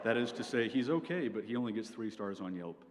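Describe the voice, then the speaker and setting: A man's voice: lowish voice, expressive, fast. A young man giving a comic presentation at an event, with a dry delivery that tags his points with "okay?". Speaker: speaker at a student event. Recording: reverberant hall, faint background noise.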